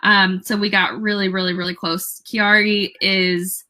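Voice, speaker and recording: Young woman, guest, chatty storytelling, full of fillers, crisp bright tone. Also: medium pitch, measured pace, low-quality recording. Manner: animated, many fillers and quoted dialogue. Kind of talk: casual storytelling interview.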